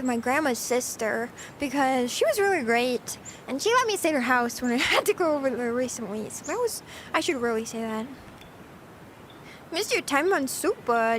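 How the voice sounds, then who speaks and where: A woman's voice: high voice, fairly bright tone, slight background noise. A young American woman chatting casually on a live stream, giggly and bubbly, reading and answering chat. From United States. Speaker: VTuber streamer.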